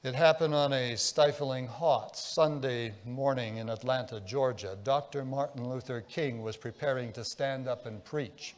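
A man preaching a sermon as pastor, telling a story, dropping to a hush and then rising with feeling. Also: mid-range voice, unhurried, hardly any pauses. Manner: storytelling, swinging between hushed and impassioned. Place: church sanctuary. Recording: long church reverb.

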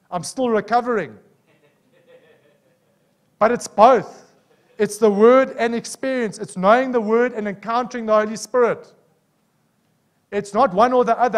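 A man preaching with a South African accent, his voice sitting fairly high. He tells stories from his own life and keeps checking in with the congregation as he goes. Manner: animated, personal storytelling with frequent "Amen?" calls. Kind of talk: sermon.

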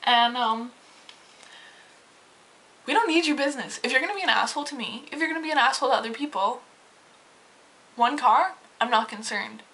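A woman's voice: high voice, lively intonation, a little fast, pauses often, pushed and bright. A young woman venting in a casual vlog about rude customers at her gas station job, exasperated and cursing freely. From Canada. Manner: exasperated, swears freely, fired up. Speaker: vlogger, gas station attendant. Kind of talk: ranting casual vlog storytelling.

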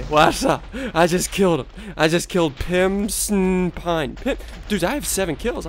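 Excitable gamer dude w a stuffy congested voice, kinda high, swoops up and down a lot while he trash-talks. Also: fast talker, a little hiss or hum. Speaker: gaming video host. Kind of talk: live gameplay commentary.

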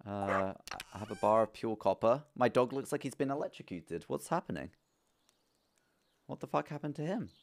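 A young man streaming a farming game live, chatting playfully to his viewers, swinging between low mutters and excited, cooing bursts. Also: normal speed, slight background noise. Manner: playful, talks to chat, coos at his pet.

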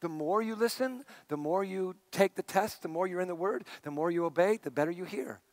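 A middle-aged man gives a sermon, his fairly high voice moving from hushed asides to emphatic points. The sound is close and dry, with no room around it. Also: fairly quick, dry recording. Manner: conversational preaching, swinging between hushed and emphatic. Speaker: pastor.

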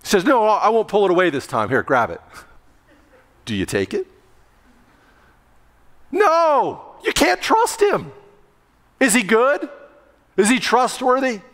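Man preaching a sermon, high voice, lively storytelling, big church echo. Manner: lively storytelling with acted-out yelling. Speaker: pastor. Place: church sanctuary. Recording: long reverb of a church sanctuary.

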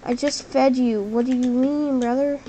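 A woman giving casual, chatty gameplay commentary, excitable and full of "like", with sudden shouts. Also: sits high, normal speed, slight background noise, rough recording. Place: at a computer while gaming.

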